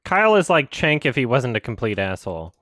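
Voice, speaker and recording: A man's voice: mid-range voice, sing-song, fairly quick, fairly bright tone, no room sound, studio quality. A man chatting casually about politics in a blunt, swearing way.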